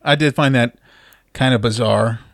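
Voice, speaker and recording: A man's voice: medium pitch, normal speed, dry recording, studio quality. A male podcast host chatting casually and teasing his co-hosts. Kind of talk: casual chat.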